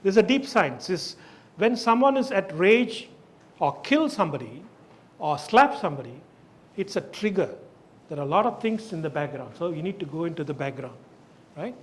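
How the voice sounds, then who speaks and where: A man with a high voice gives an emphatic live talk to a group. He keeps turning to his listeners with questions. He stresses his points hard. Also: animated, moderate pace. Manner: emphatic, asks the audience questions. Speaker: speaker leading an awareness session. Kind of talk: live lecture to an audience.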